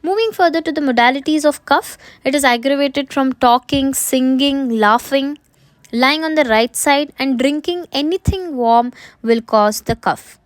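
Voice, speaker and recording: A woman with a high voice lectures at a measured pace about a medical remedy. She restates each point and poses questions to herself, then answers them. There's no room sound.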